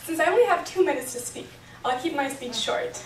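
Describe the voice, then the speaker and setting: Reading from notes at a bat mitzvah, a young woman gives an earnest, emotional speech in a high-pitched, animated voice at a fairly quick clip. The microphone sits far away in an echoey hotel function room, picking up a little hiss or hum.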